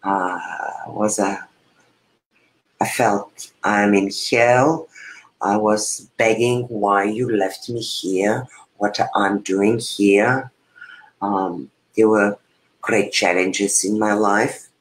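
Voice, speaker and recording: Woman, spiritual coach, interview guest. Unhurried, earnest, halting and repetitive. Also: a bass voice, steady tone, low-quality recording. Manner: earnest, halting, with repeated phrases and restarts. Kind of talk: heartfelt personal sharing in conversation.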